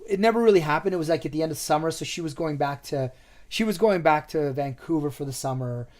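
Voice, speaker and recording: Man telling a rambling story, slightly high voice. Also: fast talker. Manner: animated, acts out quoted dialogue; loose, rambling with restarts. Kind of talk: casual storytelling chat.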